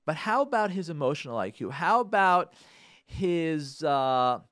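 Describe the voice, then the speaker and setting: A man hosting a radio talk show on marriage, speaking in an animated way, often repeating himself and sometimes acting out arguing spouses. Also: on the high side, a little slow, clean tone, no room sound, studio quality. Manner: animated, acts out quarrelling spouses in a raised voice; repeats and restarts words, uses Hebrew religious terms.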